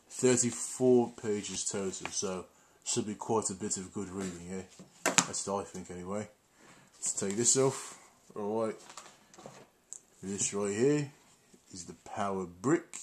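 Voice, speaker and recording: A man doing a hammy, put-on British presenter, with a low voice behind the accent. He hams up a plummy tone while showing off his kit, clearly mocking it. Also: background noise. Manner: playful, hammy.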